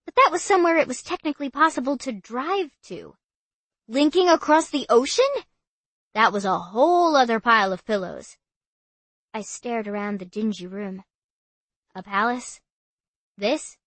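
A woman reading a first-person story aloud in an expressive, animated way. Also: on the high side, no echo. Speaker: audiobook narrator.

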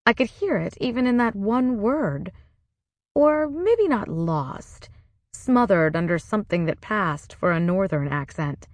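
A woman narrating a first-person novel in a measured, wry way. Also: mid-range voice, expressive, dry recording. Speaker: audiobook narrator.

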